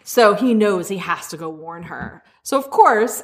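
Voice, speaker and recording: A woman's voice: mid-range voice, lively intonation, fairly bright tone. Brief: woman podcast co-host, casual book chat, eager agreeing interjections. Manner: chimes in with quick agreement and laughs.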